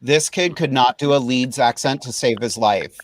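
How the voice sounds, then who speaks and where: A man's voice: medium pitch, moderate pace, poor audio. A man hosting a casual chat, playful and chatty. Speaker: host, drag queen.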